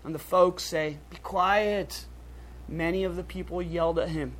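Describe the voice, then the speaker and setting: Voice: mid-range voice, little pitch movement, a little fast, poor audio. A preacher giving a casual, conversational sermon, using slang and acting out quoted lines with a raised voice.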